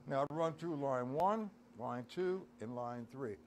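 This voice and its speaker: A man's voice: medium pitch, animated, slow, faint music behind. A middle-aged man giving a casual live-streamed drum lesson, counting beats aloud and talking to his chat. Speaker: drum teacher. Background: drum kit playing.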